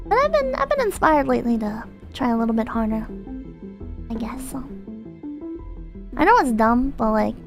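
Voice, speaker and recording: A woman's voice: a little high, very animated, quick pace, gravelly, few pauses. A young woman streamer chatting casually and rambling self-consciously as she reads viewer comments. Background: background music.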